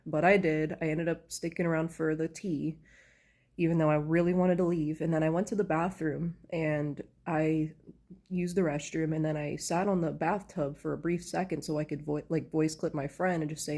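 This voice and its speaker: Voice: mid-range voice, steady tone, normal speed, dark tone. Sleepy storyteller at home, rambling and casual, heavy on fillers. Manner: rambling, with many fillers like "like" and "you know". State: tired, just woken up. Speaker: storyteller sharing a personal story. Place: at home, in pajamas.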